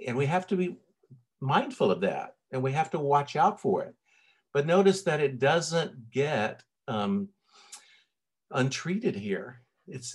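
Here a middle-aged Tennessee pastor with a Southern accent delivers a sermon in a mid-range male voice. He sounds relaxed and talks conversationally, with frequent fillers and false starts.

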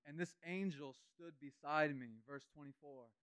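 A man's voice: fairly high pitch, a little slow, fairly bright tone, clean tone, no room sound, low-quality recording. A man, a youth pastor, preaching a conversational and emotional testimony sermon with plenty of fillers.

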